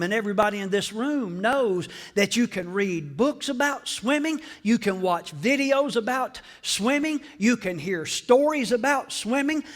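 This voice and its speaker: A man preaching a sermon in a high, bright voice, taking his time over each phrase. He calls out to the congregation for responses. His delivery moves from quiet, hushed stretches up to ringing peaks. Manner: call-and-response preaching, swells from hushed to shouting. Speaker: pastor.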